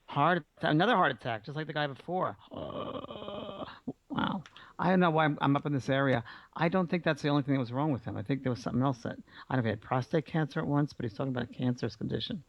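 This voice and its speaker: A man hosting a radio call-in show as a psychic medium, giving a caller warm, reassuring messages. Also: a little high, animated, quick pace, creaky, no room sound. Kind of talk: call-in reading. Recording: dull lo-fi broadcast audio.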